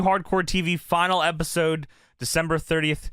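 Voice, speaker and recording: Animated, swearing man in casual podcast chat. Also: mid-range voice, fairly quick, no echo, studio quality. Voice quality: animated, profane, laughs often, acts out quotes. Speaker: podcast co-host.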